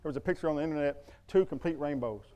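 A man's voice: on the high side, rapid-fire, mellow. A middle-aged man preaching a sermon in a church, emphatic and conversational, full of rhetorical questions. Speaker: pastor.

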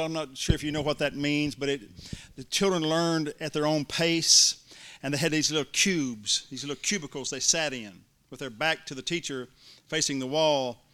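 Middle-aged male pastor, folksy sermon storyteller, bright forceful tone, slightly high voice. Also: normal speed. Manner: folksy, building to excited shouts.

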